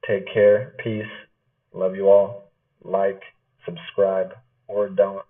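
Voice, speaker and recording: A man with a deep, low voice talks through a fight recap in a loose, rambling way and swears casually. The sound is thin and phone-like, picked up by a built-in device mic set some way off. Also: flat delivery, slow pace, recorded from a distance. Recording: lo-fi tinny audio, away from the mic.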